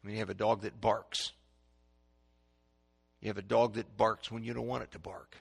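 A man preaching a sermon to a congregation, swinging between loud proclaiming and hushed, dramatic quiet. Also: lowish voice, flat delivery, normal speed, vocal fry, slightly rough.

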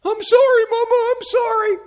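A man's voice: very high-pitched, little pitch movement, moderate pace, pitched above the performer's own voice. A man playing a crying little boy who pleads with his mother in a sermon illustration. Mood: whiny pleading. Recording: long hall reverb.

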